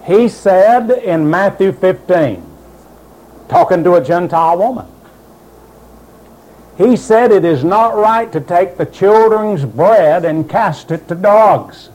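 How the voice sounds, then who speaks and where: A man's voice: high voice, slow pace, a little mellow, poor audio. A man preaching a sermon, insistent and emphatic, quoting doubters in mocking voices.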